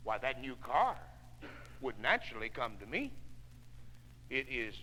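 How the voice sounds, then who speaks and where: A man giving a folksy motivational speech to salespeople, telling homespun stories and swinging from hushed tones to loud ones, on a 1960s spoken-word record. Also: medium pitch, sing-song, measured pace, in a large hall, a little hiss or hum, low-quality recording.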